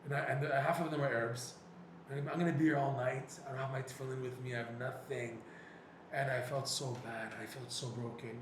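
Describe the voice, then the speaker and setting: A man teaching a Torah class, telling a personal story and acting out his own prayers and dialogues in an animated way. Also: mid-range voice, a little fast. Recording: echoey room with faint noise.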